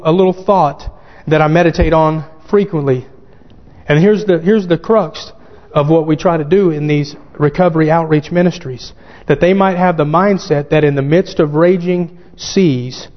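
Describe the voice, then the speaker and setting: A man preaching a sermon, fervent and growing excited as he quotes scripture. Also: fairly high pitch. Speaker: pastor. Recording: dull lo-fi sound with long hall reverb.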